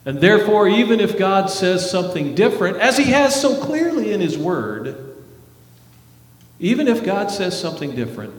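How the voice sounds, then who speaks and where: A man's voice: sits high, big pitch swings, normal speed. A man preaching a sermon as pastor, earnest, with rising emphasis and dramatic drops in voice. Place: church sanctuary. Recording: echoey hall reverb.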